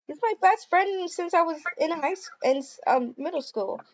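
High giddy woman doing a game roleplay, bouncy voice all over the place, lots of ums, kinda muffled recording. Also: expressive, moderate pace. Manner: giddy, gushing, many ums. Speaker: role-play player. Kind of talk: improvised game role-play.

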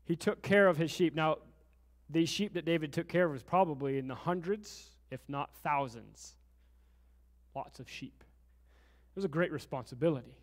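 A man's voice: fairly high pitch, normal speed, in a large hall. A man preaching a sermon as pastor in a church, building intensity and asking the congregation questions as he goes. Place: church sanctuary.

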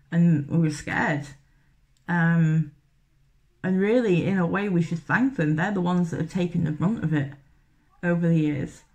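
A woman talking candidly to camera about mental health, chatty and direct, with frequent fillers and the odd swear word. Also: lowish voice. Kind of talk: casual talk to camera.

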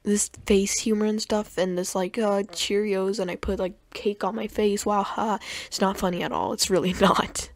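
A woman's voice: medium pitch, fairly even intonation, normal speed. A young woman giving sarcastic, mocking commentary on clips, often tripping over her words. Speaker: commentary youtuber.

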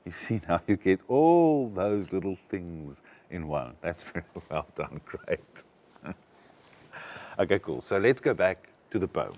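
A man with a low, deep voice coaching a young actor. His delivery rises and falls a lot as he explains and demonstrates how to speak the lines. He talks in an animated, teaching way. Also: measured pace. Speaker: acting coach. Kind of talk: coaching a student.

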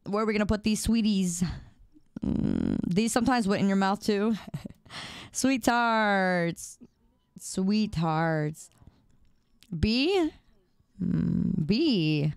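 A woman's voice: mid-range voice, sing-song, very slow, gravelly, long pauses, smooth, dry recording, studio quality. A woman streamer chatting playfully with her viewers, repeating words in a sing-song drawl. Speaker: livestreamer. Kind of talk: casual live-stream chat.

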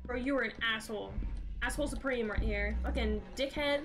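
A woman's voice: on the high side, fairly quick, a bit bright, faint music behind. A young woman streaming a horror game, reacting with panicked, profane exclamations. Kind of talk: live horror game commentary.

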